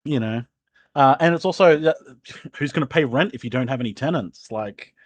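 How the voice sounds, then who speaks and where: A man's voice: medium pitch, moderate pace, no room sound. A man narrating as game master in a casual, rambling way with many fillers.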